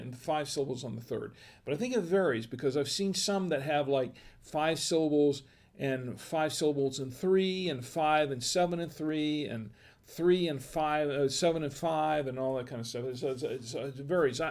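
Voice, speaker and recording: A man's voice: on the high side, a little mellow. A man hosting a wine-tasting livestream, chatting casually, reading viewers' messages aloud and asking them questions. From United States. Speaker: wine review livestream host.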